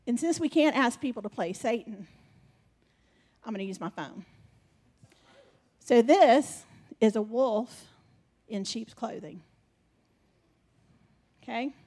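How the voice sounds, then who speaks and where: A woman's voice: fairly high pitch, expressive, slow pace, pauses often, dark tone. A woman preaching animatedly and directing a live skit with her congregation.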